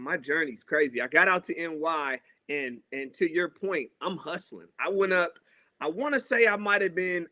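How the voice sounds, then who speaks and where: A man's voice: on the high side, sharp tone, no room sound. A man from Seattle, a guest artist on a podcast, telling stories in casual chat and acting out the voices of the people he quotes.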